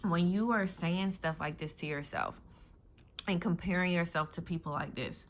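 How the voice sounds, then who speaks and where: A woman's voice: deep voice, steady tone, normal speed, fairly bright tone, a little hiss or hum. A woman giving a casual tarot reading, talking bluntly in slang with plenty of profanity and frequent check-ins with her listeners. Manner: blunt, slangy and profane, with frequent "you know what I'm saying". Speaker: tarot reader.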